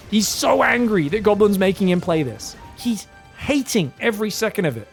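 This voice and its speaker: An excitable male esports caster giving quick play-by-play of a strategy match. His voice sits high and erupts into shouts when the action turns, with faint music behind. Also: vocal fry. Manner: fast play-by-play with shouted outbursts. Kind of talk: excitable live game commentary.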